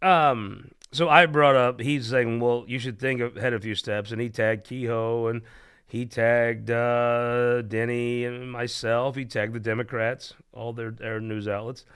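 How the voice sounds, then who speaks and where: Here the host speaks at a medium pitch with fairly even intonation, taking his time in a clean, fairly bright tone. On his political talk show he rambles irreverently through casual joke-telling, often cracking himself up.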